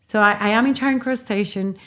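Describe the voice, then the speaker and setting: A middle-aged woman from Colombia with a Colombian Spanish accent, telling a lively story as an interview guest, often laughing. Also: medium pitch, quick pace. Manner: animated, laughs while telling stories. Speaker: guest, entrepreneur.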